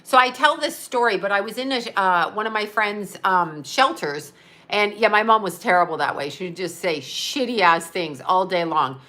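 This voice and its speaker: A woman's voice: mid-range voice, moderate pace, pushed and bright. A woman in her fifties chatting casually on a live stream, blunt and profane as she rants. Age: 50s. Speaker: psychic medium hosting a live stream. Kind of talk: casual live-stream chat reading viewer comments.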